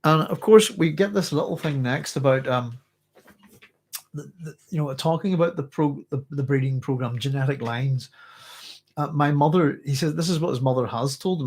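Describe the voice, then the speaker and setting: A man's voice: on the high side, moderate pace, darkish tone. Man, Northern Irish accent, middle-aged, casual book chat, rambling, chuckling, trails off mid-thought. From Northern Ireland. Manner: rambling, self-interrupting, chuckles often. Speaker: book club host.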